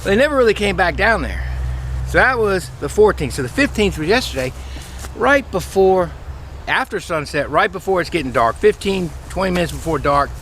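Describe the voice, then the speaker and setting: Chatty beekeeper man, higher voice. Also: lively intonation, fairly quick, a bit bright, a little hiss or hum. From Louisiana, USA. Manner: chatty, folksy, rambling with restarts. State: voice a bit squeaky from dry air. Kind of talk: casual vlog storytelling. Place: outdoor bee yard.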